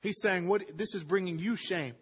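A man's voice: high-pitched, moderate pace, breathy edge. A man preaching a sermon to a congregation, quoting scripture in a conversational way that builds to emphatic peaks. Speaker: pastor. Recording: lo-fi recording with long hall reverb.

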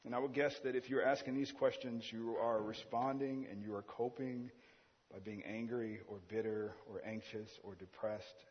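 A man's voice: mid-range voice, steady tone, moderate pace, husky. A man preaching a sermon in a church, earnest and driving his point with repeated rhetorical questions. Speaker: pastor. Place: church sanctuary. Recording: dull, echoey church hall sound.

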